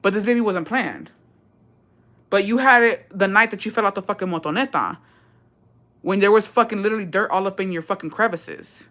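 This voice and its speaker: A woman's voice: medium pitch, a little fast, fairly bright tone. A young woman, ranting on a live stream in a profane, sassy and confrontational way, slipping into Spanish. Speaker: vlogger.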